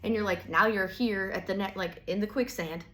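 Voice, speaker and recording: A woman's voice: medium pitch, moderate pace, a bit bright. A woman giving a casual tarot reading, rambling and full of filler words, with the odd swear. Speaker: tarot reader.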